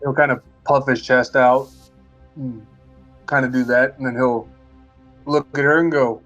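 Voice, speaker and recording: A man's voice: mid-range voice, fairly even intonation, unhurried, pauses often, a bit bright, dull audio, faint music behind. A man playing a tabletop game, describing his character's actions in casual, playful narration. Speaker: player.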